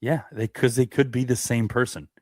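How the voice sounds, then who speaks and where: A man's voice: mid-range voice, fairly even intonation, moderate pace, a little mellow, dry recording, studio quality. A man in his thirties telling a rambling story in casual podcast chat, restarting his sentences. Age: 30s. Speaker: podcast co-host.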